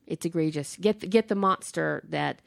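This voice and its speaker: A woman's voice: sits low, normal speed, vocal fry, no echo, clean studio sound. A woman co-hosting a casual chat show, talking loosely with frequent fillers and laughs. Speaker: podcast co-host.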